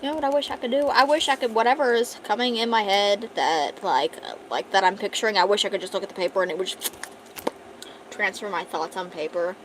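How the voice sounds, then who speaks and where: A young woman streaming from home, chatting casually and thinking out loud while she draws, talking fast and rambling from thought to thought. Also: mid-range voice, background noise. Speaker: art streamer. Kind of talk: casual livestream chat.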